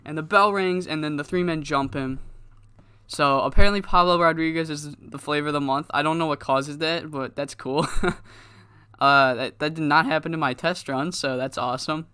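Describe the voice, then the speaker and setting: A man talking through his playthrough in a smooth, clean voice. The sound is close and dry, with no room around it. His delivery is casual and rambling, with plenty of swearing. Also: fairly high pitch, steady tone, normal speed, bright, forceful tone, no room sound. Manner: loose, rambling, profane, laughs at himself. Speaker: gaming YouTuber. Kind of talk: casual game commentary.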